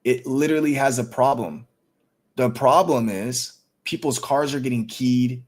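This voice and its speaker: A man's voice: medium pitch, unhurried. Hyped, cursing male stream host. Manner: excited, profane, hyped up. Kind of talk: casual livestream chat.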